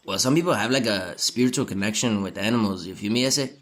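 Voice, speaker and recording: A man putting on a fake tough-guy voice for a young cartoon character, pitched low and rattled off quickly in affected slang. It is a voice he admits is just something new he is trying out. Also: monotone, bright, forceful tone. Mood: smug.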